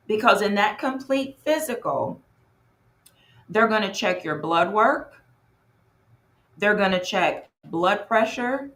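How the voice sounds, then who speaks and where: A woman's voice: mid-range voice, reverberant. A woman from North Carolina, hosting a live online workshop and chatting with viewers by name. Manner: lively, chatty, greets viewers in the chat by name. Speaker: workshop host and coach.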